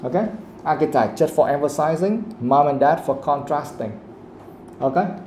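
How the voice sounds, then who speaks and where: A man teaching an English pronunciation class, explaining slowly and checking in with "okay?" after nearly every point. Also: a little high, expressive, a little mellow, echoey room, slight background noise. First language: Vietnamese. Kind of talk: live classroom lesson.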